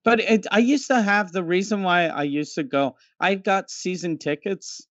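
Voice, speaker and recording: Halting man, dull lo-fi sound. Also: sits high, fairly bright tone, dry recording. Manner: halting, repeats and restarts often. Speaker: podcast co-host. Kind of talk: casual comedy podcast chat.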